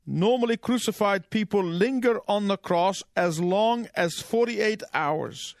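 High-voiced male preacher, dry close sound. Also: dry recording. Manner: measured, emphatic, pausing for translation. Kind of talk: sermon with interpreter.

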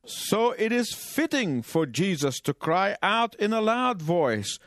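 High-voiced male preacher, dry close sound. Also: big pitch swings, fairly bright tone, no echo. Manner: measured, emphatic, pausing for translation. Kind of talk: sermon with interpreter.

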